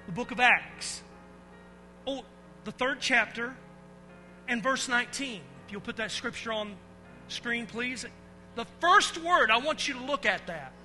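A man giving a lively children's sermon as a pastor, telling stories with swings from hushed to shouting and calling the kids to answer back. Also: extremely high pitch. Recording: long hall reverb with faint music.

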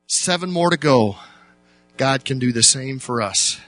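A man preaching a sermon as a pastor, telling the story dramatically, dropping to slow, quiet words and then jumping up to loud, shouted bursts. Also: mid-range voice, lively intonation, no room sound.

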